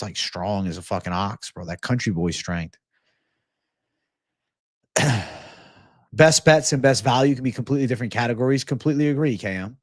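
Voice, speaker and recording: A man's voice: mid-range voice, dry recording, studio quality. Laid-back swearing young man. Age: 20s. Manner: laid-back, swears often, reads chat aloud. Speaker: host of a livestream Q&A. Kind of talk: casual livestream chat.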